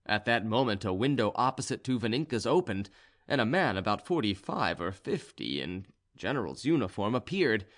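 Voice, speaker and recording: A man reading a classic novel aloud as an audiobook narrator, in a measured, even storytelling manner. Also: on the low side. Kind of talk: scripted narration.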